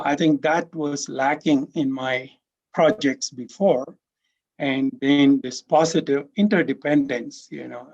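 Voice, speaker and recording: A man's voice: a little high, darkish tone. Brief: male lecturer, conversational conference talk, many "you know" fillers, dull lo-fi recording. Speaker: university lecturer presenting on his teaching. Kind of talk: conference presentation.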